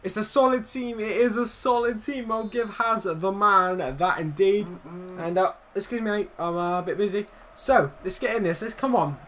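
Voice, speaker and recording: A young man giving excitable, swearing commentary over his own football video game match, teasing his opponent. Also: high voice, moderate pace. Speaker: gaming YouTuber. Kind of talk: live gameplay commentary.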